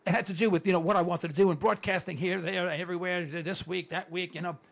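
Talking fast in a high, gravelly voice with a steady tone, a man in his 60s addresses his audience as a broadcaster. His conversational monologue runs on stories and rhetorical questions, and he repeats words a lot.

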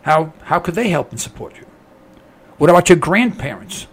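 A man with a fairly high, gravelly voice rants to his listeners as a talk host. His pitch swings widely and his tone is husky as he fires off rhetorical questions and repeats his points with mounting indignation. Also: expressive, moderate pace. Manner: indignant, ranting, repeats himself. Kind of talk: opinionated monologue.

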